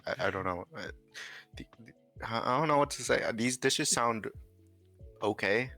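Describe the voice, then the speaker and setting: A man's voice: mid-range voice, normal speed, bright, forceful tone, faint music behind. A male guest in a casual chat, sarcastic and given to exaggerated, mock-outraged complaining. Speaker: guest streamer.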